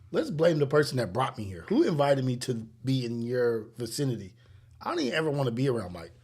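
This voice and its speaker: On a casual livestream, a Los Angeles man in his forties tells animated stories and laughs a lot. He has a mid-range voice with a breathy edge and speaks a little fast.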